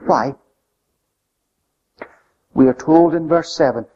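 A man preaching a sermon with an emphatic delivery that swings between loud, high stresses and soft, low drops. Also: lively intonation, a little slow, pauses often, slightly rough. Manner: emphatic, rising and falling delivery. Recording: lo-fi recording with long hall reverb.

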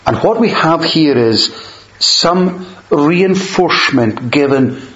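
A man preaching a sermon, measured and emphatic, slowing down on quoted verses. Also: on the high side, lively intonation, a bit bright. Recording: dull lo-fi sound in a roomy space.

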